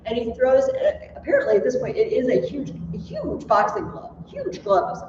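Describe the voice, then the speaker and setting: Animated woman teaching in an echoey room. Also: sits high, moderate pace, lo-fi sound, background noise. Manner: animated storytelling, laughs at her own tales. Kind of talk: classroom lecture. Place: classroom. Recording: echoey classroom from a distant mic.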